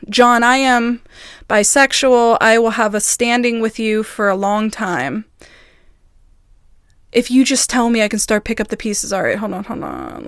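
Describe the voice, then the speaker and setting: A woman vlogger in a casual video, reading messages aloud in quick bursts and breaking off in agitated, halting asides. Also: fairly high pitch, fairly bright tone, clean tone, no echo, studio quality. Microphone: phone.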